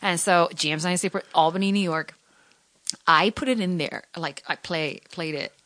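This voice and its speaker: A woman in her thirties from Connecticut, a radio host telling a story in fast, chatty studio talk. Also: fairly low pitch, fairly even intonation, fairly bright tone, no echo. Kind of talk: casual studio chat. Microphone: studio microphone.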